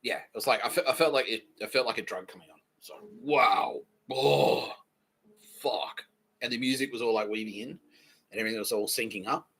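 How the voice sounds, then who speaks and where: A man hosting a podcast, telling a rambling comedic story in a loose, profane way and slipping into quick voices for the people in it. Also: on the low side, fairly even intonation, sharp tone, slightly rough. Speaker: podcast host.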